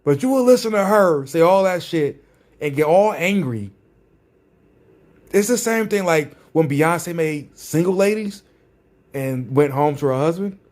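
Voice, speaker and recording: A man's voice: fairly high pitch, lively intonation, a little slow, darkish tone. A man ranting in a vlog, sarcastic and combative, often repeating his phrases for emphasis. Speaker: vlogger. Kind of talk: ranting commentary.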